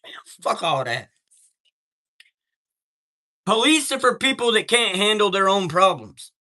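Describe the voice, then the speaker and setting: A man's voice: high voice, big pitch swings, a little slow, bright, forceful tone. A man hosting a live stream, telling a heated story in a profane, streetwise way and greeting viewers from chat.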